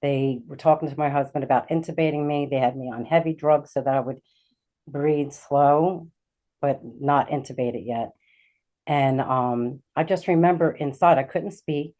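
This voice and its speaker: A middle-aged woman tells a personal story in a low, mellow voice. She speaks haltingly, pausing on fillers and restarting her sentences. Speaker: guest, intuitive healer.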